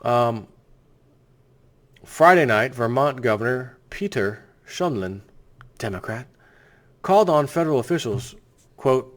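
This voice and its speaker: A man's voice: medium pitch, expressive, measured pace, long pauses. Sarcastic, blunt man ranting. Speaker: video host. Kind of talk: ranting political commentary.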